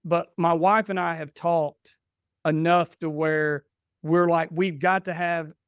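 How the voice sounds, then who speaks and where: Smooth-voiced man telling family stories. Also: a little high, level tone, takes it slowly, no echo, highs cut off. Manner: chatty, restarts and quotes himself. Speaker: podcast guest. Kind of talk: casual storytelling.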